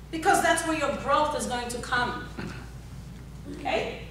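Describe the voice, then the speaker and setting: High, bright woman exhorting a hall. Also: measured pace, long pauses, a little hiss or hum. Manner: exhorting, repetitive, asks the audience questions. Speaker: motivational workshop speaker. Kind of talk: motivational seminar talk. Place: large echoey workshop hall. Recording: echoey hall, speaker far from the recorder.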